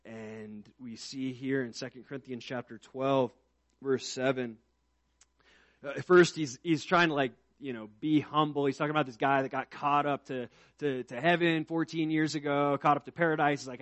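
A man preaching a sermon in a conversational way, swinging from soft, low passages to loud, emphatic ones. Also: fairly even intonation, normal speed, no echo. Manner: conversational, with restarts and asides.

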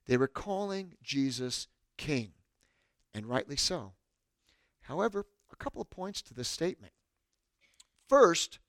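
A man preaches a lively sermon in a high voice, reading scripture aloud and asking the listeners questions. He swells loud on quoted cries and sinks to a soft hush between them. The sound is dry and close. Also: no echo. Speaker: pastor.

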